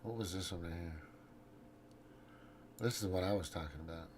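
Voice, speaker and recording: A man's voice: deep voice, moderate pace, noisy background. A man hosting his own show, rambling through a profane casual political rant while scrolling and reading out his posts. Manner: frequent restarts and trailing off. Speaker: show host.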